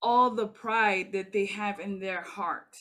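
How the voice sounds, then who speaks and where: A woman hosting a casual faith conversation, earnest and reflective, growing animated as she speaks. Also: medium pitch, slow.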